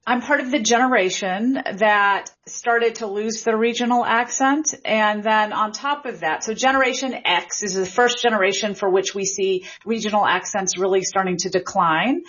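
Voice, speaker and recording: A woman in her forties from Memphis talks as an interview guest, thoughtful and explanatory with small restarts. Her voice is somewhat husky and breathy. The sound is dull and muffled like an older broadcast. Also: medium pitch, fairly bright tone. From Memphis, Tennessee. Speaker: linguistics professor, guest. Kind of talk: interview conversation.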